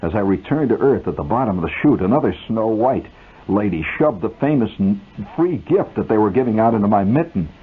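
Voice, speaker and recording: A man's voice: lowish voice, animated, brisk, husky. A man reading his own story aloud on the radio in a wry, vivid, mock-dramatic style, on a tinny old aircheck.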